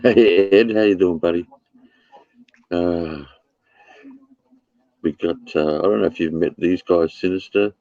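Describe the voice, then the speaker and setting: A man's voice: low-pitched, fairly even intonation, a little slow, pauses often, warm tone, no room sound, highs cut off. A man hosting a livestream, chatting casually, swearing and laughing often. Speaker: livestream host. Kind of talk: casual chat.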